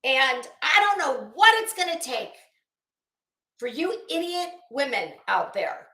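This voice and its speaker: A woman's voice: sits high, very animated, takes it slowly, sharp tone, echoey room. A woman giving a sassy, exasperated commentary rant to her online audience, drawing out words for emphasis. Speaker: YouTube commentary host.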